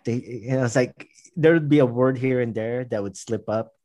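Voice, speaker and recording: A man's voice: medium pitch, moderate pace, mellow. An American man chatting casually as a podcast co-host, rambling with restarts and laughing often. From United States. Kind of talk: casual chat.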